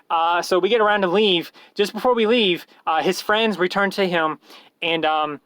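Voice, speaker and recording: A man's voice: high-pitched, moderate pace, fairly bright tone, clean tone, no room sound. A man telling a rambling, self-mocking story in a casual vlog, full of fillers and restarts.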